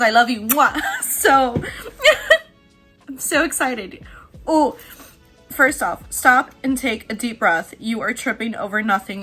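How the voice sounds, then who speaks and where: Excitable woman tarot reader, hushed to squealing, soft music bed. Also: fairly high pitch, moderate pace. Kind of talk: casual tarot reading.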